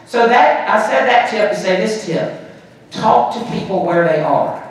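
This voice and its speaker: Animated man in an echoey hall. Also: high voice, slight background noise. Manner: animated, joking, quick asides and crowd banter. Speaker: conference speaker. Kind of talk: motivational sales talk to an audience. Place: large conference hall. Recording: echoey hall, speaker far from mic.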